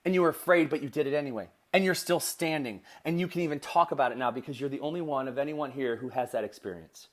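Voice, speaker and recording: A man's voice: on the high side, fast talker, few pauses. A middle-aged man tells a family story in a casual, earnest way and speaks straight to his listeners as a podcast host.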